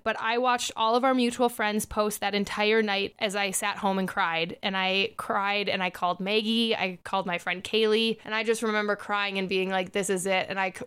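A woman's voice: mid-range voice, clean tone. A young adult woman hosting a podcast, telling a personal dating story in a confessional way and acting out what others said. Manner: confessional, animated quoting of others. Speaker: podcast host. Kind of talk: candid storytelling chat.

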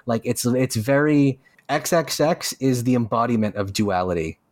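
A man co-hosting a casual podcast about a rap album, animated and prone to swearing and mocking put-on voices while he rants. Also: mid-range voice, moderate pace, dry recording. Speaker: podcast co-host.

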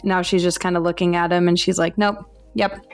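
A woman co-hosting a book podcast, recapping the plot in a relaxed way full of "like" and "you know". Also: lowish voice, fast, smooth, soft background music. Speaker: podcast co-host. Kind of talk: casual book review chat.

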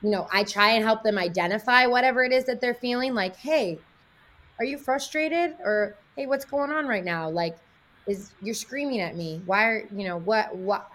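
A woman's voice: medium pitch, normal speed, a bit bright. A woman in her thirties, a guest on a podcast, talking frankly and earnestly about parenting, often slipping into what she tells her kids. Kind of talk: casual podcast conversation.

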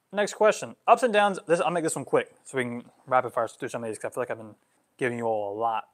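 A man in his twenties, a vlogger answering follower questions on a livestream, animated, getting worked up, with many "like" fillers. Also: medium pitch. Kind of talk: livestream Q&A monologue.

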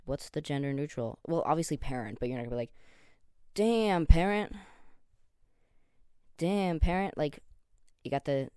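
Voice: mid-range voice, a little mellow, clean tone, no echo. Rambling young podcaster, dry close sound. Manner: rambling, filler-heavy, self-deprecating, loses track mid-sentence. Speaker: podcast host. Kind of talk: casual rambling monologue.

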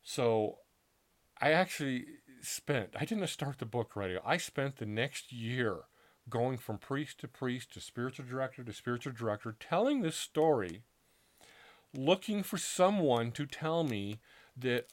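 A middle-aged man earnestly recounting a personal story in a casual, halting way, acting out what people said to him. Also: medium pitch, lively intonation. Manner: earnest, halting, with restarts and acted-out quotes. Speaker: author telling his story.

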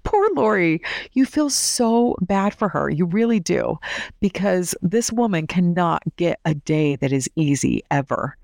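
A woman's voice: fairly low pitch, lively intonation, a little slow, creaky, a little mellow, no echo, studio quality. A woman recapping a reality TV episode in a casual, opinionated way, saying "like" often. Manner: chatty and opinionated, heavy use of "like".

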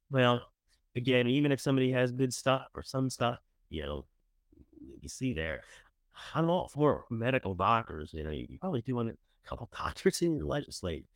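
Chatty man with a lively, swinging voice. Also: fairly low pitch, vocal fry, no echo. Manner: chatty, sarcastic, swings between loud enthusiasm and mumbled asides. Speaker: show host reviewing candidates. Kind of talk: casual commentary.

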